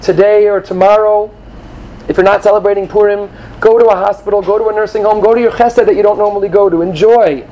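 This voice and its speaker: A man giving an animated sermon to young students, acting out quoted voices and sprinkling in Hebrew terms. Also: high-pitched, fast talker, poor audio. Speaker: rabbi or teacher addressing students.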